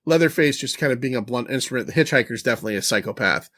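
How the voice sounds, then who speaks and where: A man's voice: medium pitch, animated, very fast, fairly bright tone. A man co-hosting a podcast in casual chat, talking in a loose, profane, rambling way with restarts. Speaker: podcast co-host.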